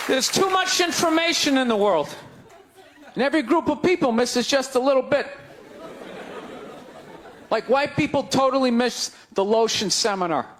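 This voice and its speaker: A middle-aged man doing a stand-up comedy set, ranting in an exasperated way and breaking into sudden shouts, at a comedy club. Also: extremely high pitch. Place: comedy club stage before a laughing crowd. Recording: live club recording, loud crowd laughter, noisy.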